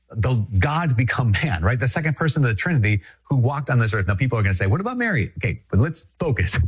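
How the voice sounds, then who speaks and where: A man's voice: mid-range voice, husky. A man from Minnesota, a Catholic priest, giving an earnest, conversational spiritual talk and repeating phrases for emphasis.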